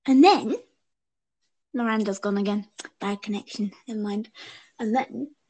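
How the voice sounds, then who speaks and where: A woman's voice: mid-range voice, unhurried, a little mellow. A young woman chatting casually as a podcast co-host, rambling and giggly, stringing her thoughts together with "and then". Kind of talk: casual fan chat over a call.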